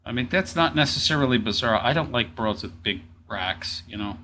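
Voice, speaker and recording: A man's voice: mid-range voice, lively intonation, normal speed, bright, forceful tone, slight background noise. A man commenting sarcastically over an interview clip, mocking and talking back at it. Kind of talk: casual reaction commentary.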